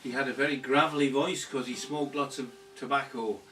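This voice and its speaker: Chatty folk singer, live. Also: male voice, medium pitch, steady tone, fairly quick, a bit bright, a little hiss or hum. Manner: chatty, anecdotal, laughing asides. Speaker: folk singer introducing a song. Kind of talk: live stage patter. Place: pub or lounge folk gig. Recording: echoey live room from far off, guitar.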